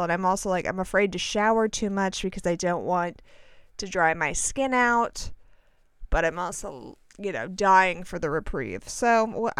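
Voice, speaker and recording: A woman's voice: medium pitch, a bit bright, smooth, no room sound, studio quality. A young woman telling a rambling, self-deprecating story in casual chat, with many asides and restarts. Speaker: podcast host.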